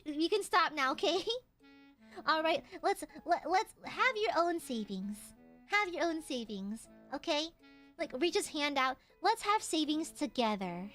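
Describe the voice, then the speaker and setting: A young woman streamer with a very high, bright voice that swings widely in pitch. She chats warmly one moment and shrieks curses at her chat the next, excitable and unfiltered. Soft music plays faintly behind her. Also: moderate pace. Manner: excitable, swears, jumps from tender to shouting at chat. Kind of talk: casual livestream chat.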